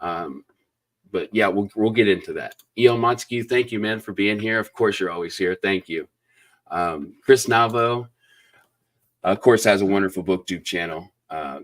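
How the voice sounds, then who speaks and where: On a live-stream book interview, a man with a voice on the low side talks at a moderate pace. He's an effusive booktube host who thanks viewers between questions, peppering his chat with fillers and shout-outs.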